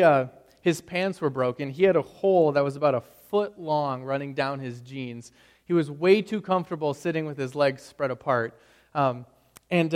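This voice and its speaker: A man's voice: on the high side, in a large hall. A young man preaching a sermon in a conversational storytelling manner, often checking in with "right?". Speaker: pastor.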